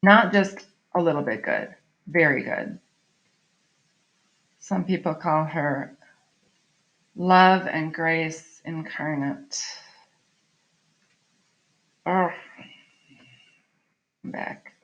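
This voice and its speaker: A middle-aged woman teaching a recorded online lesson in a chatty, explaining way, often checking in with her students. Her voice sits low with a gravelly edge. The audio is a bit dull and lo-fi. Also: extremely slow, long pauses. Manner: chatty, explaining with frequent "right?" and "um".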